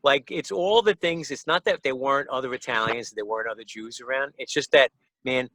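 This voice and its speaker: A man's voice: mid-range voice, fairly quick, pushed and bright, no echo, low-quality recording. A middle-aged man from the Bronx with a New York accent, a guest musician telling stories loosely and swearing freely. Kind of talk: casual chat.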